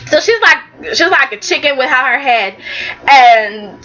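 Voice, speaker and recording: A young woman casually recapping a soap opera, animated and chatty, slipping into quick impressions of the characters. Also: high-pitched, low-quality recording.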